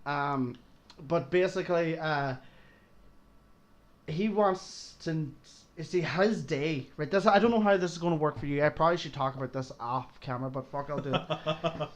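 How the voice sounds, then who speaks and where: A man with an Irish accent chats loosely on a live stream, his voice sitting a touch high. He laughs often, swears freely and rambles from one thought to the next. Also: normal speed. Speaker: streamer co-host. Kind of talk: casual chat.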